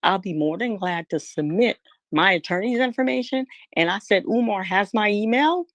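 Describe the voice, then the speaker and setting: Animated woman telling a story. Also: medium pitch, normal speed, no echo. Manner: emphatic, acts out quoted dialogue. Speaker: interview guest. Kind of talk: storytelling in casual talk.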